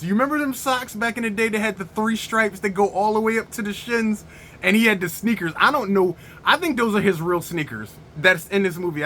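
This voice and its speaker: High, bright-voiced excited male reviewer. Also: a little hiss or hum. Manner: excited, laughing fits, slangy. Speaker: movie reviewer and host. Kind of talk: casual video review.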